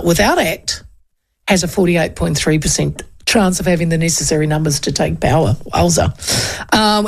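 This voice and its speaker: Gravelly-voiced New Zealand woman radio host. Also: fairly low pitch. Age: 50s. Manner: chatty, rambling, with frequent ums and asides. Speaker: radio talk show host. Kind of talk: casual political talk.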